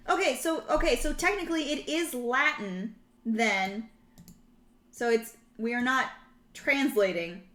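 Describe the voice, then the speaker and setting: A young woman hosts a live language-learning stream in a chatty, rambling way, laughing as she goes. Her voice sits a little high. The room around her rings with a noticeable echo. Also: measured pace, fairly bright tone. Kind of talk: casual live-stream chat. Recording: roomy echo.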